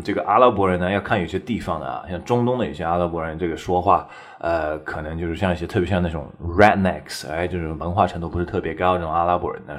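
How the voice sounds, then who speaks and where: A man teaching English in a casual, chatty way, constantly checking in with the listener. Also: sits low. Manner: chatty, keeps tagging "right?" and laughing. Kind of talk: casual explanatory lesson.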